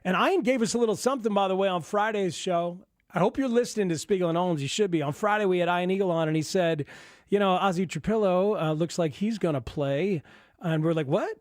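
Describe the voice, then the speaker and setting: A man hosting a sports talk radio show, chatting excitedly about football and taking calls. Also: sits high, fairly quick, dry recording, clean studio sound.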